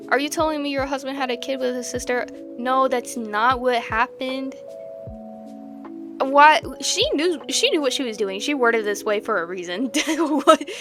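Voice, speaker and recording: A young woman reacting to posts in casual commentary, rambling and exasperated, sliding from low mutters to loud outbursts. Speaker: video creator reacting to posts. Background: guitar music.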